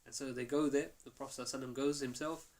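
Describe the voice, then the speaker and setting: In a lesson recorded in a mosque, a male teacher with a medium-pitched, darkish voice tells his class a story at rapid-fire speed with fairly even intonation. He acts out each quoted line energetically.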